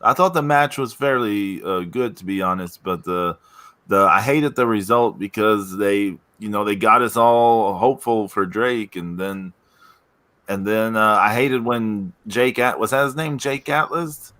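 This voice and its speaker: A man hosting a casual wrestling podcast, hesitant and full of fillers, trailing off quietly. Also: fairly low pitch, a little slow. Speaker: podcast host.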